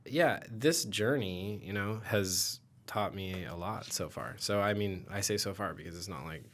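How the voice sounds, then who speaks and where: A man co-hosting a podcast, soft-spoken and trailing off with fillers as he talks. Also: fairly low pitch, measured pace. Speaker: podcast co-host. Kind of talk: casual chat.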